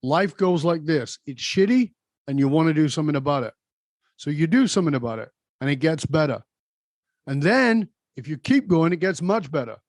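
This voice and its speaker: A man's voice: fairly high pitch, expressive, moderate pace, a little mellow, no echo. A man hosting a podcast, emphatic and coaching, speaking straight to his listeners. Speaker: podcast host. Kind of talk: motivational interview talk.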